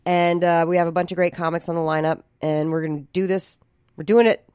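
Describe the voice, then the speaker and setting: A woman in her forties chatting casually as a podcast guest, animated and quick to laugh. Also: on the low side, clean tone, no room sound, clean studio sound. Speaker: guest, voice actor and comic.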